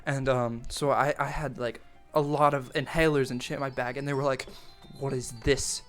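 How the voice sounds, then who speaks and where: A man's voice: mid-range voice, steady tone, fairly quick, fairly bright tone, soft background music. A young man telling a rambling, profane story from his teens in a casual storytime vlog, full of fillers and restarts. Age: young adult. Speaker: storytime vlogger.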